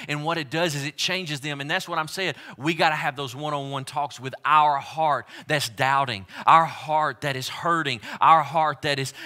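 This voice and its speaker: A man preaching a sermon as pastor, moving from quiet, joking asides to loud, emphatic repeated lines. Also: fairly high pitch.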